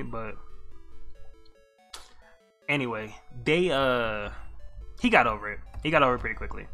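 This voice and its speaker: Animated, slangy male streamer ranting. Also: mid-range voice. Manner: slangy, profane, excitable ranting with laughs. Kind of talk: animated storytelling commentary.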